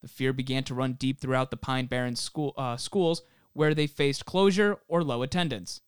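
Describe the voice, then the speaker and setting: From home while self-isolating, a young man co-hosts a podcast, presenting a story from researched notes. His medium-pitched voice is steady, clean, and moderately paced in clean studio sound with no room echo, and he reads steadily but breaks into laughing jokes.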